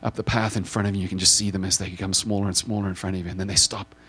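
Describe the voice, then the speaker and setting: A man's voice: low-pitched, flat delivery, rapid-fire, a bit bright, breathy edge. A man preaching as he guides listeners through a vivid scripture scene in the second person, with repetitive phrases that build in intensity.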